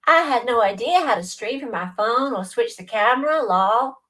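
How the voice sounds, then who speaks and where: A woman's voice: a little high, lively intonation, normal speed, a bit bright, far from the mic, pitched above the performer's own voice. An Australian woman faking an American accent. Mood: mock-American. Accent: American, put on. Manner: self-mocking read-out.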